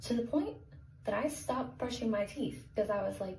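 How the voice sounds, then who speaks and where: A woman's voice: on the high side, normal speed, gravelly, a little mellow. Anxious woman in an echoey room. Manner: anxious, on the verge of tears. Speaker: vlogger in a played clip. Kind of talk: confessional vlog. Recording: echoey room with background noise.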